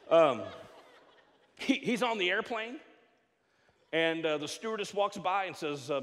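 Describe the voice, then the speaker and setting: A middle-aged man preaching a sermon in a church, joking and stammering through quick restarts. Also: fairly high pitch. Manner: animated, jokey preaching with frequent stammered restarts. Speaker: pastor. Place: church sanctuary. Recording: long hall reverb.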